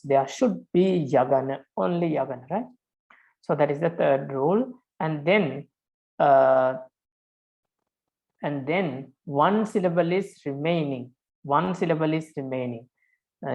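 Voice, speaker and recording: A man's voice: on the high side, a little mellow, rough recording. A man, a Buddhist monk, teaching a lecture on verse meter, patiently repeating each point with frequent hesitations.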